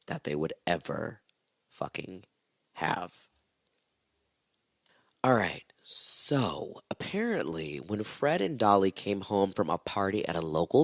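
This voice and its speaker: A man hosting a comedy true-crime podcast, retelling a case in an animated, profane, slang-heavy way with jokey asides. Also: lowish voice, no room sound, clean studio sound. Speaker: podcast host.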